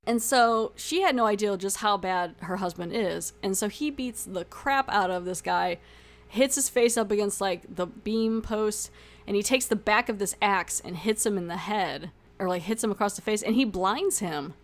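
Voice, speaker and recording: A woman's voice: mid-range voice, moderate pace. Chatty woman podcast reviewer. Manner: chatty, full of filler like and you know, acts out lines. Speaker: podcast host reviewing a TV episode. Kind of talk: casual retelling review.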